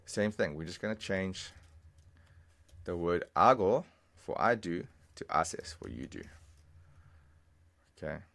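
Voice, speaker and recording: A man teaching a language lesson over a screen recording, patiently explaining and repeating phrases slowly, step by step. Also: deep voice, expressive, creaky, a bit bright.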